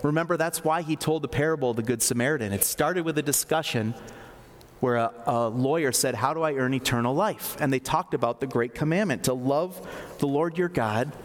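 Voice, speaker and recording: A man's voice: fairly high pitch, a little fast. A man preaching a sermon in a conversational way, with fillers and asides. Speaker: pastor. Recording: long reverb of a large hall.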